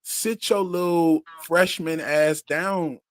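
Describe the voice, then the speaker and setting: A man's voice: on the high side, fairly even intonation, slow pace, no room sound, clean studio sound. A man co-hosting a live stream, chatting casually about a TV episode, laughing often and swearing freely. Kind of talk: casual chat reviewing a TV episode.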